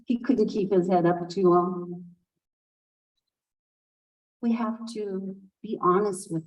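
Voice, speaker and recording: A woman telling a traditional folk tale aloud at a conference, unhurried and expressive, with asides to listeners. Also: mid-range voice, distant mic, low-quality recording. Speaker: storyteller speaking at a conference. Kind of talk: oral storytelling of a folk tale.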